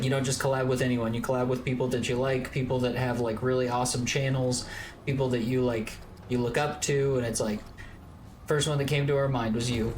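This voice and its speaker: A man's voice: mid-range voice, background noise. Rambling Southern-born man streaming games. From Georgia, US South. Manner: rambling, filler-heavy, excitable. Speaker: streamer, co-host. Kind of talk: casual gaming stream chat.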